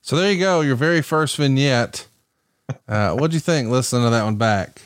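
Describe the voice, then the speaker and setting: A man hosts a podcast, teasing his guest and asking questions in a relaxed, playful way. His voice is mid-pitched and close, with a dry sound. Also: normal speed, dry recording. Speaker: podcast host. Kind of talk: casual podcast chat.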